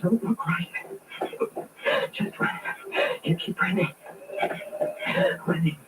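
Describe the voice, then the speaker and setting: An actress playing a frightened woman stranded on a dark road, stammering and panicky, in an old radio drama with a noisy recording. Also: lowish voice, takes it slowly.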